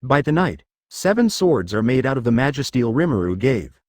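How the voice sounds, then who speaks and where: Man, fan fiction narration, plain storytelling, lively pitch. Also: normal speed, no echo, studio quality.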